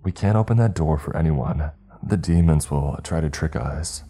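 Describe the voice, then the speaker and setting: A resolute young woman who will not open the door, voiced by a deep-voiced male narrator. The lines are firm and husky. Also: moderate pace, mellow, faint music behind, heavily acted.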